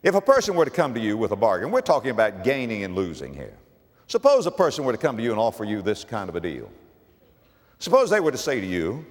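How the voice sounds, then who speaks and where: A man preaching a sermon in church, swinging from loud, high emphasis down to low, quiet asides. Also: wildly swooping pitch, quick pace. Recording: long reverb of a church hall.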